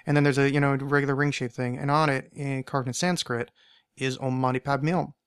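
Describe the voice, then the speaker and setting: A young man in a solo podcast wanders through a long story, stopping to correct himself and circle back. His voice sits at a middle pitch and comes through dry and close on the mic. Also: little pitch movement, brisk, fairly bright tone, clean tone, dry recording. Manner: rambling, self-correcting anecdotes. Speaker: podcast host.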